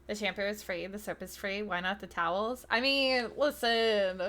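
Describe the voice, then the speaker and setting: Bright-voiced excitable woman streamer. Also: mid-range voice, moderate pace, hardly any pauses. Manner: chatty, excitable, shouts greetings to chat. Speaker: streamer host. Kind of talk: casual live-stream chat with viewers.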